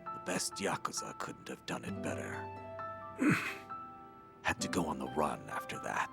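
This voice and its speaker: An actor gives a full character voice as a weary older ex-yakuza in a video game, with a very deep, gravelly male voice. His delivery is slow, terse and deadpan.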